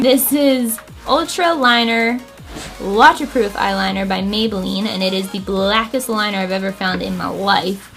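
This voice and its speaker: A woman's voice: mid-range voice, vocal fry, a bit bright. A woman hosting a makeup tutorial, chatting casually and explaining each step with self-deprecating asides. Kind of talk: casual how-to talk.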